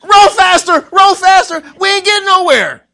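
A man voicing a panicked male disciple screaming in a boat, frantic and very high. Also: moderate pace, creaky, bright, forceful tone, raised voice, a faint crowd, full character voice.

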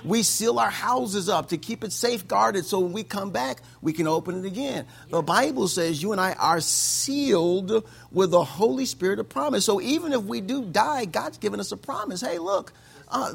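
High, gravelly-voiced male pastor preaching. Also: a bit bright. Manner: conversational preaching, peppered with "amen" and chuckles. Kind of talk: sermon. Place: church service with congregation.

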